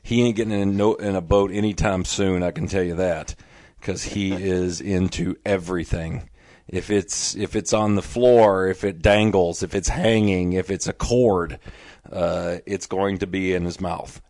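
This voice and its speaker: Deep-voiced man hosting a fishing show. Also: no room sound, clean studio sound. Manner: rapid-fire announcer reading event details, then relaxed chat. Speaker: podcast host. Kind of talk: casual show talk and announcements.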